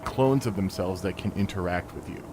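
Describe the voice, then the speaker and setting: A man co-hosting a podcast live stream, relaxed and explanatory. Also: low-pitched, normal speed, noisy background. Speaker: podcast co-host. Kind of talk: casual live-stream chat. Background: game music.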